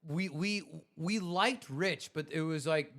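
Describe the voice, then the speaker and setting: Slangy, higher-voiced podcast host man. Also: takes it slowly. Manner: animated storyteller, slangy, drops "dude" and "bro". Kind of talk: casual chat.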